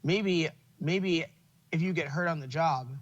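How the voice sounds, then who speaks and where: A man's voice: on the high side, a little slow, highs cut off. Profane, opinionated man with a raised voice. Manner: profane, opinionated, laughs while telling stories. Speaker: podcast host. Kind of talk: casual chat.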